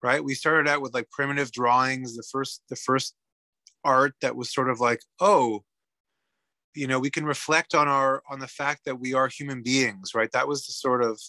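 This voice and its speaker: Canadian therapist guy, bright voice, dry close sound, thinks out loud a lot. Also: mid-range voice, moderate pace, no echo. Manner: animated, musing, frequent "right?" tags. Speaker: psychotherapist guest. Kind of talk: reflective conversational interview.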